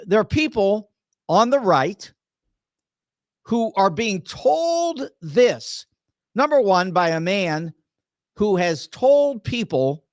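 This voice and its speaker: A man's voice: sits high, no echo, clean studio sound. An older American man hosting a political talk show, delivering an indignant, sarcastic commentary monologue with many restarts and repeated words.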